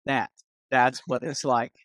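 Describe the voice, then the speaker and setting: A man's voice: mid-range voice, flat delivery, measured pace, a bit bright, no room sound, studio quality. A man, a student pastor hosting a podcast, chatting casually and enthusiastically, calling his guest "man" and "dude".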